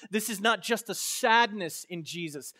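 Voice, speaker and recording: High-pitched impassioned preacher man. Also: measured pace. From Florida. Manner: impassioned, swings from quiet to loud; casual storytelling with fillers. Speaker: pastor. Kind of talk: sermon.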